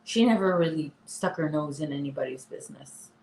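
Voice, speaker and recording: A woman's voice: low-pitched, lively intonation, fairly quick, darkish tone, a little hiss or hum. Chatty woman in an echoey room. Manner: chatty, talks to her dog and viewers. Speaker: livestream host. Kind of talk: casual live chat. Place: apartment room.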